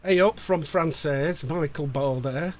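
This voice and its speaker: A man's voice: fairly high pitch, slow pace, darkish tone. A man, co-hosting a casual livestream and jokingly reading out viewer greetings. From England. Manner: jokey, bantering, stumbles over names.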